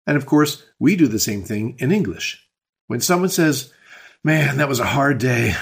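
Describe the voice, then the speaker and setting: A man's voice: mid-range voice, animated, a little slow, breathy edge. A man hosting a scripted podcast language lesson, explaining patterns step by step with spoken examples. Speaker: language teacher and podcast host.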